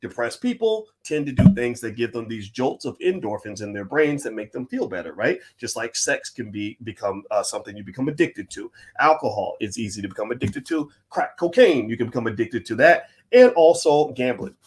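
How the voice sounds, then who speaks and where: A middle-aged man from the United States, hosting a livestream as a finance professor, talking in an emphatic, animated way that swings between loud and quiet. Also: medium pitch, fairly quick, few pauses. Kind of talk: livestream commentary.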